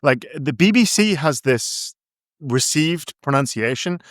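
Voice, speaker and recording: A man's voice: fairly high pitch, lively intonation, measured pace, fairly bright tone, no room sound, studio quality. A man, an author guest on a podcast, chatting in a rambling, playful way with many restarts. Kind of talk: casual interview chat.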